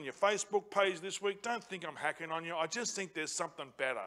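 A man preaching a sermon as pastor in a church, passionate and building to loud emphatic repetition. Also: fairly high pitch, fast talker. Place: church auditorium.

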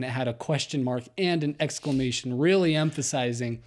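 A man's voice: medium pitch, brisk. Laughing young man telling a story. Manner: laughs often, animated storytelling. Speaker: podcast co-host. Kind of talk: casual chat, reading a listener story.

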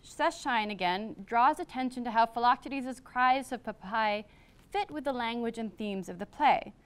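A woman professor giving a public lecture on classics, partly read from a script, measured, with brief asides. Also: a little high, clear, resonant tone. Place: lecture hall.

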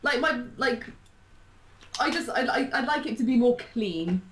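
A woman's voice: a little high, expressive, unhurried, a little hiss or hum. A woman chatting casually as a YouTuber being interviewed, bubbly and rambling. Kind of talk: casual chat. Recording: echoey room.

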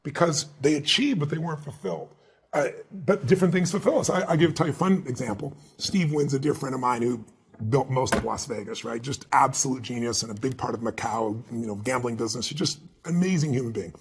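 A man's voice: mid-range voice, fairly quick, slight background noise. A man being interviewed as a guest speaker and author, telling stories emphatically and acting out the dialogue he quotes. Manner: animated, emphatic storyteller who acts out quoted dialogue. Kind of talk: interview storytelling.

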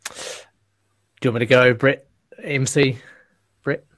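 A man on a webinar video call panel, talking in a relaxed, brief and agreeable way. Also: medium pitch, unhurried, dry recording.

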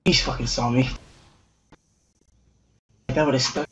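A man's voice: mid-range voice, fairly even intonation, slow pace, sharp tone. A man giving casual commentary while playing a game, trash-talking, swearing and laughing at himself. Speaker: gamer streaming a match.

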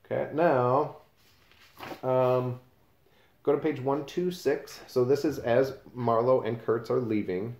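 A man's voice: mid-range voice, slow pace, darkish tone. A man teaching a class, explaining a novel in a casual way and reading passages aloud with page numbers. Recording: roomy echo.

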